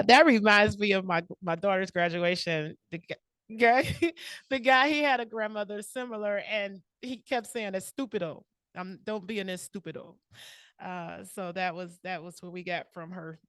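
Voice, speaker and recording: A woman's voice: mid-range voice, fairly bright tone, dry recording, clean studio sound. A woman hosting questions at a speaking club meeting, joking, teasing and often laughing. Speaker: table topics host at a speaking club meeting.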